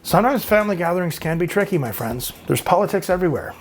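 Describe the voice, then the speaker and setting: A man's voice: high voice, animated, quick pace, soft background music. Chatty Canadian man in his fifties. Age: 50s. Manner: rambling, chatty, frequent filler words. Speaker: YouTube host. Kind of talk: casual chat reading viewer comments.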